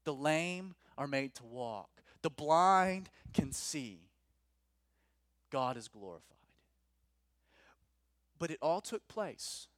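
Emphatic pastor, loud then hushed. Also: male voice, no echo, clean studio sound. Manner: swings from loud emphatic peaks to hushed low lines. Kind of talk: sermon. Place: church.

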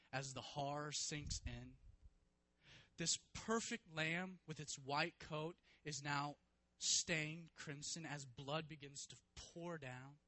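A man preaching a sermon, retelling a story vividly and swinging from hushed to loud, emphatic passages. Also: mid-range voice, no room sound, low-quality recording. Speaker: pastor.

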